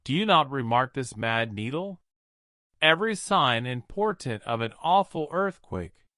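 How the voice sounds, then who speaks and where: A man's voice: mid-range voice, expressive, measured pace, sharp tone, no echo, studio quality. A man reading an audiobook voices a terrified young man who cries out in alarm and exasperation. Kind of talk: audiobook character voice.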